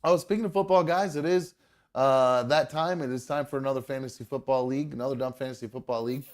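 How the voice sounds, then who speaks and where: A man hosting a live podcast speaks fast in a medium-pitched voice. His casual show chat is loose, joking and profane, packed with filler words.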